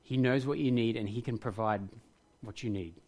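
A man's voice: mid-range voice, normal speed, darkish tone. A man preaching a sermon, earnest and reflective, rising to passionate emphasis at times. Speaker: pastor.

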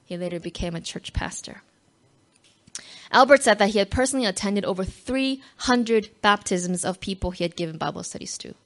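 A woman telling a personal faith story to an audience, animated and emotional, acting out quotes and dropping to a near-whisper at tender moments. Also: mid-range voice, fairly quick. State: moved close to tears at times.

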